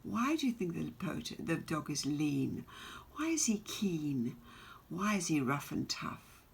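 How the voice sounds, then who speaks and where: A woman teaching a poetry lesson, her voice low and husky with a gravelly edge. She speaks slowly, posing one question after another to her students. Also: very animated. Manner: slow, questioning, reads poem aloud with emphasis.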